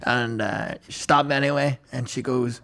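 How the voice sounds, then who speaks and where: A man's voice: mid-range voice, steady tone, moderate pace, vocal fry, sharp tone. A man, co-hosting a podcast and telling sweary, joking anecdotes. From Northern Ireland. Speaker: podcast co-host. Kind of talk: casual chat.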